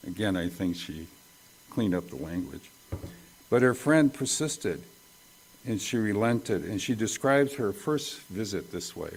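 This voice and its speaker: A male pastor giving a conversational sermon at a church service, folksy and quick to joke about his own slips. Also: lowish voice, expressive, a little mellow.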